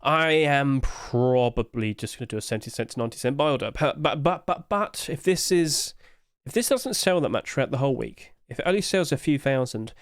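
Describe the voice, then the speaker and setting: A man's voice: medium pitch, no echo, clean studio sound. A man hosting casual commentary, chatty and hedging, with apologetic asides, recorded at home on a desk mic. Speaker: host.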